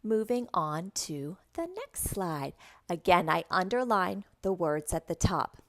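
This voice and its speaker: Very animated and lowish in voice, an online English teacher walks through presenting lesson slides, demonstrating as she would in class. For her young learners, she pronounces words slowly and clearly as models.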